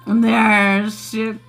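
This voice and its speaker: A woman hosting a casual live stream, her slightly high voice swinging wildly up and down as she giggles her way through. She talks slowly and swears freely at her viewers, with faint music playing behind her. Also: a bit bright, breathy edge. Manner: giggly, breaks into frequent laughter; blunt and profane, addresses viewers as y'all. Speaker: spiritual channel host.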